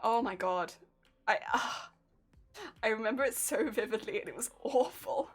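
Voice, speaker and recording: A woman streamer chatting casually with her viewers, telling animated stories and laughing often. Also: fairly high pitch, moderate pace, slightly rough, faint music behind. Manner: reads and answers viewer chat. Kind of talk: casual live-stream chat.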